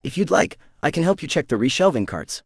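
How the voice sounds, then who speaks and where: A man's voice: a little high, big pitch swings, fairly quick, vocal fry, slightly rough, no room sound, studio quality, pitched above the performer's own voice, full character voice. A man voicing a polite, helpful young woman librarian in an audiobook.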